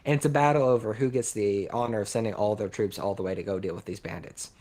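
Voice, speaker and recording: A man running a tabletop game as game master, relaxed and often pausing with ums. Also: lowish voice. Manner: relaxed, hesitant with many ums.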